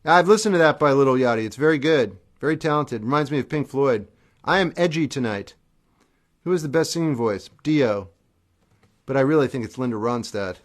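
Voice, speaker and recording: A man's voice: medium pitch, lively intonation, a little fast. A middle-aged man hosting a livestream, reading viewer questions aloud and answering them briefly in an offhand way. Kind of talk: casual livestream chat between songs. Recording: acoustic guitar playing behind the voice.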